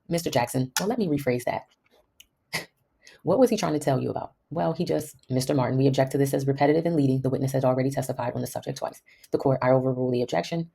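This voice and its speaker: A woman's voice: a bass voice, vocal fry, mellow, breathy edge. A woman who hosts a podcast, reading a court transcript aloud and voicing every part herself, with wry asides of her own. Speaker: podcast host.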